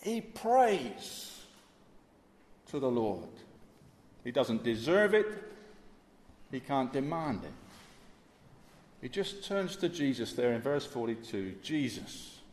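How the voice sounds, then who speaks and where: A man's voice: mid-range voice, sing-song, measured pace, long pauses, echoey room, long reverb tail. A male preacher giving an earnest sermon in a church, dwelling on repeated phrases.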